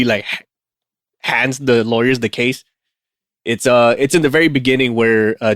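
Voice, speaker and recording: A male podcast co-host swaps stories in loose, casual chat. He talks in an animated way, laughs a lot and swears freely. His mid-range voice sits on a dry, close recording. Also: medium pitch, no echo.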